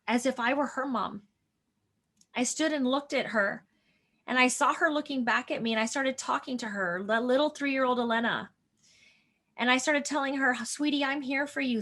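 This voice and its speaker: A woman in her forties with a high voice, speaking as a doctor guest in an interview. She talks earnestly and with deep feeling. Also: a bit bright. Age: 40s. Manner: emotional, earnest storytelling. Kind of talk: conversational interview.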